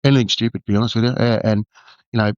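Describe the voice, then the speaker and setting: A low-pitched Australian man tells his story candidly, stumbling through restarts and fillers. His voice sits dry and close. The recording is dull and lo-fi. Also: steady tone, no echo. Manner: halting, full of "you know" and restarts. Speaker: guest, former undercover detective.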